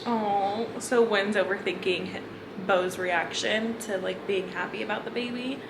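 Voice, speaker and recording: A young woman talks through her reading in a casual vlog, emotional and gushing, quick to laugh. Her voice sits at a middle pitch. The room is echoey, with a steady background hum. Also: gravelly. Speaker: book vlogger.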